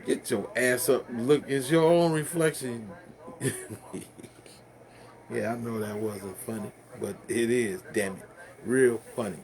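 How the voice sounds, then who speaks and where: A man's voice: mid-range voice, a little slow, pauses often, crowd noise. A man ranting casually to the camera, rambling and profane, stumbling over fillers and laughing at his own jokes.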